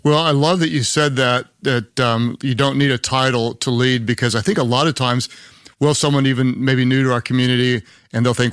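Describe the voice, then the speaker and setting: Smooth-voiced Southern host. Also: male voice, medium pitch, fairly even intonation, a little fast, fairly bright tone, dry recording, studio quality. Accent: Oklahoma Southern. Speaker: podcast host. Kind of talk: conversational interview.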